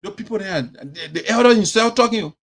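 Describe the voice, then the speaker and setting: A Liberian man hosting an opinionated commentary show. He talks in an animated way, mixes in phrases of his local language, and mimics the people he talks about. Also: high voice, brisk. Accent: Liberian English. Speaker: host.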